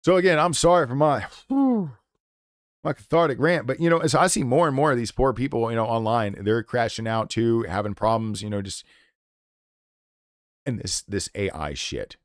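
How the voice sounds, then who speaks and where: A man's voice: medium pitch, animated, moderate pace, no room sound, studio quality. A man streaming live, delivering an impassioned, profanity-laced rant in a blunt, unscripted way. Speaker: game streamer.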